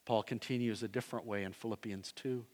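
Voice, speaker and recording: A man preaching a sermon as pastor, swinging between loud emphasis and hushed, low phrases. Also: steady tone, a little fast. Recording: long hall reverb.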